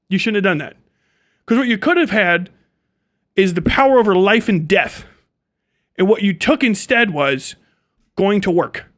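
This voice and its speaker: A man with a high, slightly bright voice livestreams a profane, sarcastic rant, swearing at and mocking his viewers.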